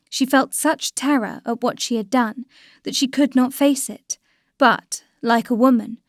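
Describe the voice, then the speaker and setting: A woman narrating a classic novel as an audiobook, in a measured, even storytelling manner. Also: a little high, dry recording, studio quality.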